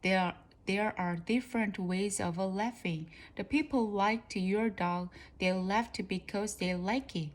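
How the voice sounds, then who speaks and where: Kind older craftsman, gentle and reassuring, read by a woman slowly. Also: medium pitch, close to an everyday voice. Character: kind older man, famous wood carver.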